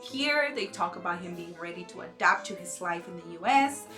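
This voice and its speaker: A woman's voice: fairly low pitch, expressive, normal speed, music in the background. A woman hosting a recap vlog, chatty and opinionated as she gossips through a show episode. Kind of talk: casual gossip commentary.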